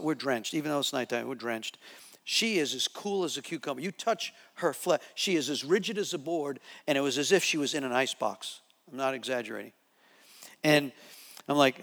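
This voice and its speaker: Man preaching with animated storytelling. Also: a little high, long reverb tail. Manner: animated, repetitive storytelling with restarts. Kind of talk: sermon testimony storytelling.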